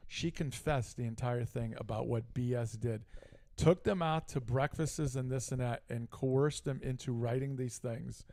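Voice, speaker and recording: Middle-aged man, mid-pitched, casual talk-show storyteller who gets worked up retelling a feud. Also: unhurried, hardly any pauses. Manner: animated, heated retelling with frequent asides. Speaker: podcast co-host.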